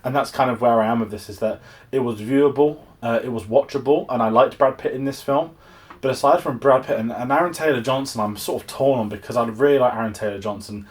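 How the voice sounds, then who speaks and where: A man's voice: mid-range voice, fast talker. A young English man giving a casual, exasperated film review, rambling with frequent restarts. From England.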